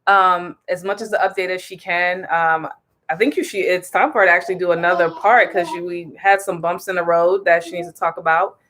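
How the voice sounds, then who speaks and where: A woman's voice: fairly low pitch, fairly even intonation, brisk, a bit bright, a little hiss or hum. A woman co-hosting a family vlog as a parent, upbeat and teasing, directing her kids on camera. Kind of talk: casual family chat.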